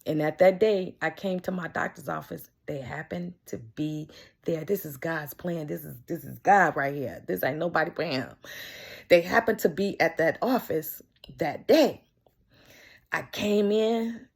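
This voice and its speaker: This is a woman with a low, deeply gravelly voice and a husky, breathy edge. She tells a personal story in a heartfelt vlog, often repeating herself and restarting sentences as she goes. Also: unhurried. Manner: repeats herself and restarts lines while recounting events. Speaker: vlogger sharing a personal medical story.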